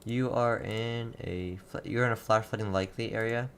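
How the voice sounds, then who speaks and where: A young man with a lowish voice runs a live weather stream from his home desk, reading chat comments aloud and repeating town names before each storm alert. He sounds casual and a little distracted, and faint keyboard typing is heard behind him. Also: fairly even intonation, normal speed, fairly bright tone, slight background noise. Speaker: livestream weather host.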